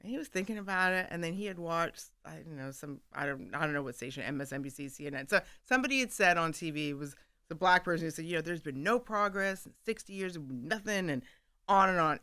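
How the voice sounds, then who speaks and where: A woman guest on a radio studio show, telling stories with animated energy and laughing often as she acts out bits of dialogue. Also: lowish voice, quick pace, dry recording. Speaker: guest author. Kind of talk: candid storytelling in conversation.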